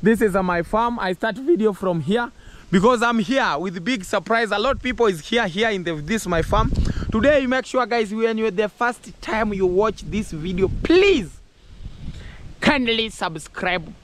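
A Kenyan man vlogging outdoors on his farm, talking excitedly in English mixed with Swahili. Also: sits high, normal speed, slight background noise. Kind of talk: casual farm vlog.

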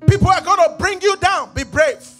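A male pastor with a Nigerian accent preaching a sermon in a church, moving between hushed passages and shouted, sing-song calls to the congregation. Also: very high voice, moderate pace, soft background music.

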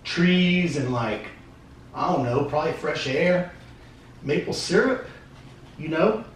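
A man's voice: a little high, slow pace, a little hiss or hum. A man opening fan mail on a casual vlog, chatty and rambling, swearing now and then. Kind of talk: casual chat. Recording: echoey room.

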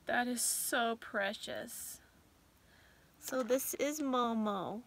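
A woman vlogger chatting casually, gushing and sentimental as she talks, sometimes reading aloud haltingly. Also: a little high, pushed and bright. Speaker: vlogger host. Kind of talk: casual vlog chat.

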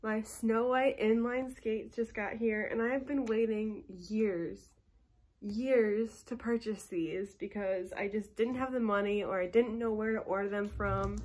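A woman vlogging outdoors about her new skates, talking in an excited, gushing way. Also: medium pitch, a little slow. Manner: gushing, breathless exclamations. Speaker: skating vlogger. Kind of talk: excited casual vlog.

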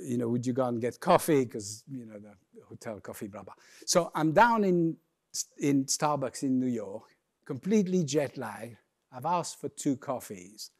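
A man giving a humorous keynote talk on stage, telling lively stories and acting out the voices of the people in them. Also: medium pitch. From lives in London. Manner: lively storyteller, acts out quoted voices. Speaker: keynote speaker. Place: conference stage before a live audience.

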